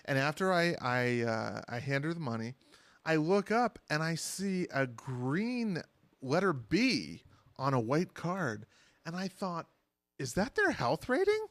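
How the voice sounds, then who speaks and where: A man's voice: a little high, slow pace, no room sound. A man co-hosting a casual podcast, telling stories and reading out a list, with easy laughter. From living in Las Vegas. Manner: storytelling, animated, laughs easily. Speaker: podcast co-host. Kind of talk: casual chat.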